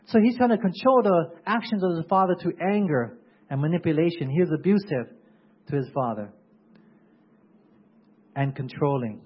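A man delivers a sermon in a husky, fairly high voice, often stopping to put questions to his listeners. The recording sounds dull and lo-fi, with the top end muffled. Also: lively intonation, moderate pace, pauses often. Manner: keeps asking the congregation questions. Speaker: preacher.

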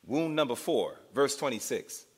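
A man's voice: mid-range voice, big pitch swings, normal speed, slightly rough. A man preaching a sermon, dramatic, asking the congregation questions and acting out the scenes he describes.

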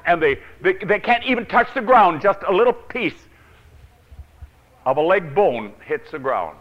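Theatrical preacher with a lively voice. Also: male voice, sits high, unhurried, highs cut off. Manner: theatrical, swings from loud to hushed, chuckling. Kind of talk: dramatic sermon storytelling to children.

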